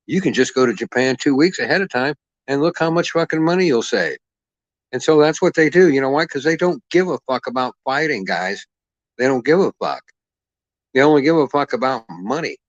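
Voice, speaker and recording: A man's voice: medium pitch, a bit bright, dry recording. A man delivering a heated, profane boxing rant as the channel's commentator. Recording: dull lo-fi dry sound.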